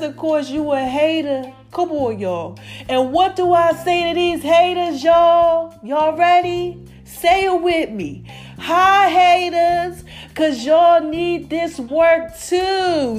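A woman hosts her podcast in a loose, playful chat and keeps calling her listeners in. Her voice sits high. Soft music plays faintly underneath. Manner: lively, playful, calls listeners "baby" and "y'all". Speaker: podcast host. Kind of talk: casual chat.

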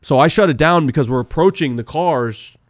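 A man telling animated, profanity-laced car racing stories as a podcast guest, full of fillers. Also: on the high side, fairly quick, no room sound, clean studio sound. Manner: animated, swears freely, many fillers. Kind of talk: casual storytelling interview.

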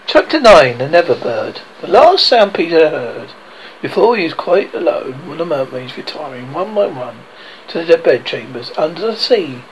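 A man's voice: on the high side, very animated, normal speed, slight background noise, low-quality recording. A man narrating a storybook aloud, often stumbling and correcting himself. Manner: reads with frequent stumbles and self-corrections. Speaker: audiobook reader.

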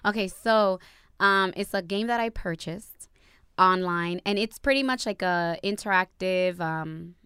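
Animated young woman co-hosting a livestream. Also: on the low side, measured pace, clean tone, no echo, clean studio sound. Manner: animated, laughing, slangy storyteller. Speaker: podcast co-host. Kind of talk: casual livestream chat. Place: home studio. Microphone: studio mic.

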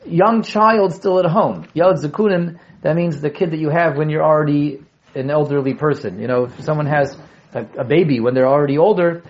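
A man's voice: fairly high pitch, a little mellow. A man teaching a Torah class, repeating key words, asking his students questions and joking with them. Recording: dull lo-fi classroom recording.

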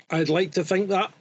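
A man's voice: high-pitched, lo-fi sound, noisy background. A man co-hosting a casual comedic chat, mostly short agreeing replies with blunt opinions.

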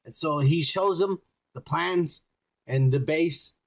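A man co-hosting a casual podcast, talking in an animated, profane way and acting out scenes he retells. His voice sits a little high for a man, and he swears freely as he goes. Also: slow pace, vocal fry. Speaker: podcast co-host.

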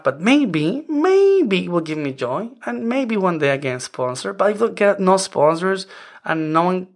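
Non-native English-speaking male podcast host in his forties, earnest and rambling, with a fairly high voice. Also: fairly bright tone. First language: not English. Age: 40s. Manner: earnest, rambling with many "I mean" restarts. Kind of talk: casual self-help podcast monologue.

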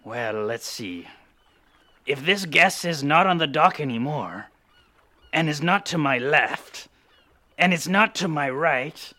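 A man's voice: on the high side, expressive, slow, long pauses, bright, forceful tone, full character voice. A man playing a proud, easily startled pirate captain in an improvised comedy, blustery and stammering. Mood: scheming. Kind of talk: improvised comedy role-play.

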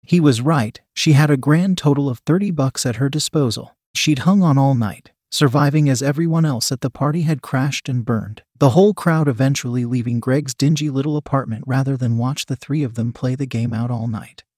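Casting: male narrator for an adult story, mid-pitched, dry close sound. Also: normal speed, few pauses, a little mellow, husky, no echo.

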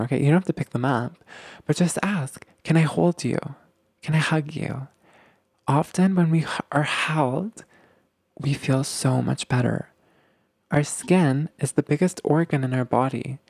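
Male relationship coach, gravelly voice, dry close sound, acts out dialogues, chatty. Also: medium pitch, mellow, no echo. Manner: acts out short dialogues with a lifted voice, many fillers. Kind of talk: teaching relationship skills.

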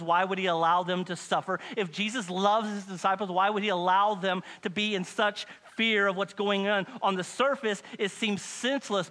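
Male preacher, high bright voice, sermon to a church crowd, hushed then loudly pleading. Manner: dramatic, swings from hushed to loud pleading. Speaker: pastor. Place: church hall with congregation.

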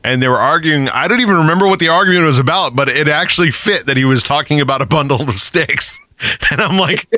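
Male podcast host, profane ranter, laughs a lot; bright tone, dry close sound. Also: a little high, fast talker, no room sound. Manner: profane, ranting, laughs often. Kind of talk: casual podcast chat.

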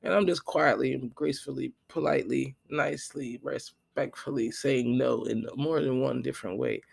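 A podcast host telling a profane, animated story in a casual monologue, quoting the people in it. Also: male voice, medium pitch, normal speed, vocal fry, husky. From Florida.

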